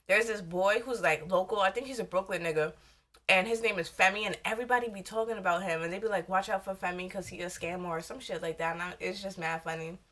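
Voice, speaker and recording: A young woman vlogger from the US talks at a quick pace while eating in a mukbang video. Her medium-pitched voice has a fairly bright tone, and she rambles in a loose, candid, casual way.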